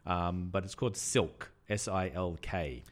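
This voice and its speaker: A man with an Australian accent co-hosting a casual book podcast, talking in a relaxed, hesitant way with many ums and pauses. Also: low-pitched. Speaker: podcast co-host.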